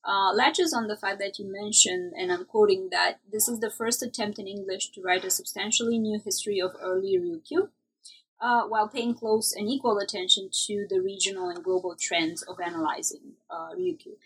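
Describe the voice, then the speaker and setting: Gravelly-voiced woman interviewer. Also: medium pitch, animated, moderate pace, poor audio. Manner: long, winding questions with "you know" fillers. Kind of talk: academic interview.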